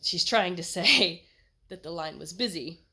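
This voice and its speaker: American woman vlogging a funny story, kinda low voice, lively and laughy. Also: a little slow. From United States. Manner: animated, chatty, laughs through lines. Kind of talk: casual storytelling.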